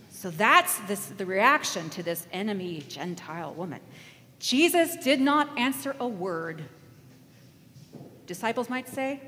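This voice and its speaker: Animated woman preaching in an echoey hall. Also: fairly high pitch, normal speed, a little hiss or hum. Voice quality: animated, acts out voices, leads audience call-and-response. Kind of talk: interactive sermon. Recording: echoey hall with faint ambience.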